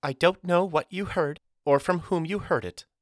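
A man's voice: on the high side, moderate pace, dry recording, studio quality, voice pushed up, close to an everyday voice. A man voicing a woman schoolteacher who soothes a class in an overly sweet, chirpy tone that hides worry, in an audiobook. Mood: falsely sweet. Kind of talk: audiobook character voice.

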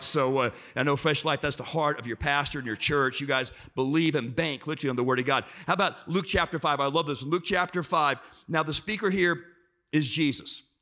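A man preaching as a guest speaker to a church congregation, lively and self-deprecating, prompting the crowd to answer. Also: on the high side, a little fast. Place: church auditorium.

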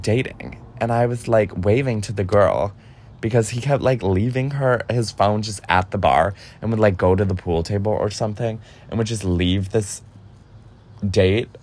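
A man's voice: fairly low pitch, darkish tone. Chatty young man telling a story. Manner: chatty, heavy use of "like", profane. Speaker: podcast host. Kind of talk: casual storytelling.

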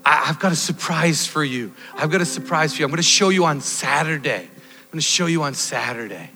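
A man's voice: fairly high pitch, lively intonation, brisk, pushed and bright. A man voicing an eager ten-year-old boy who repeats himself, with long reverb and faint music behind. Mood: secretive.

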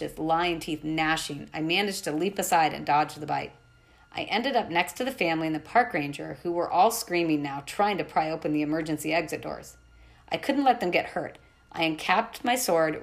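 A woman's voice: deep voice, fairly quick, creaky. A woman reading a novel aloud, telling a first-person adventure story with expression. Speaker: audiobook narrator.

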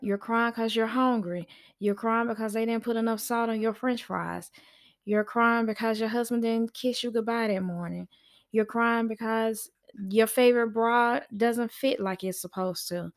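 A woman hosting a podcast from her office, talking casually and reassuringly to her listeners and often laughing as she goes. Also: mid-range voice. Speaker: podcast host and parenting coach.

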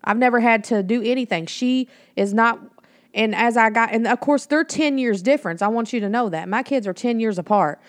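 A woman's voice: medium pitch, no room sound. A woman in her thirties hosting a podcast, talking in a blunt, emphatic way with plenty of swearing, on a home mic that picks up the room. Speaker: podcast host. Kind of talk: casual spoken monologue.

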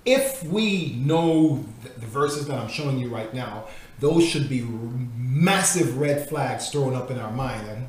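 A man giving an earnest teaching talk, stressing his points by slowing down and reading passages aloud. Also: medium pitch, expressive. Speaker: Christian teacher critiquing a devotional. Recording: very echoey room.

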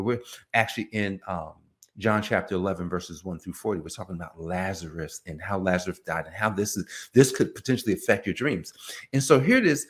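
A man's voice: low-pitched, fairly quick. A man giving an informal, conversational sermon, acting out biblical dialogue in voices. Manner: animated, acts out biblical dialogue in character voices; conversational, many fillers like "you know" and "man". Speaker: preacher.

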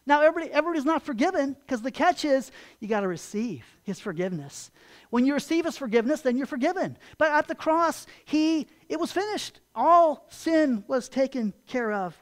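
A pastor delivering a sermon, emphatic and full of rhetorical questions, repeating key phrases and growing louder and higher to stress a point.

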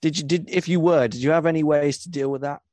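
A man's voice: on the high side, fairly even intonation, quick pace, darkish tone, no room sound. A man hosting an interview, mostly giving short affirmations and asking hesitant questions with restarts. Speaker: interview host. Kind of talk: casual interview.

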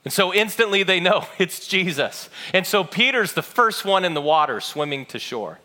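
Bright-voiced earnest male preacher. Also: a little high. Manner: earnest storytelling, acts out quoted lines with rising intensity. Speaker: pastor. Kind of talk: sermon.

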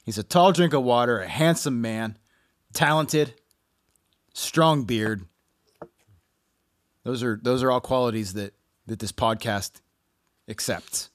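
A man's voice: medium pitch, slow, pauses often, dry recording, clean studio sound. A man co-hosting a podcast, chatting casually over a video call in a joking, teasing, mock-indignant way. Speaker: podcast co-host. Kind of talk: casual chat.

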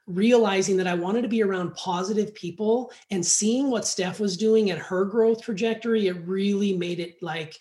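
A man's voice: high voice, normal speed, few pauses, mellow. Chatty man in a roomy echo. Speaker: guest. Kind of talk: casual storytelling.

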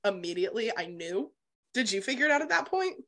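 Animated woman retelling a novel. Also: medium pitch, fast. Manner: animated retelling, swears freely. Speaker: podcast co-host. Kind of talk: casual book-club chat.

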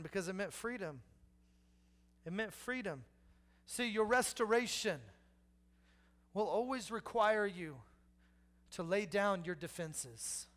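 A man's voice: high voice, fairly bright tone. A man, preaching a sermon with humor, repeating key lines and acting out people in the story. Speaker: pastor.

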